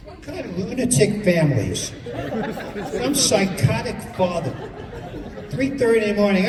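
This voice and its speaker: High-pitched male stand-up from New York, exasperated, distant mic in a reverberant hall. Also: big pitch swings. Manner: exasperated, acts out people in quick bits. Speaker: stand-up comedian. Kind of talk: stand-up comedy set. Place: stage in a large hall with a live audience. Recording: distant, echoey hall with crowd laughter.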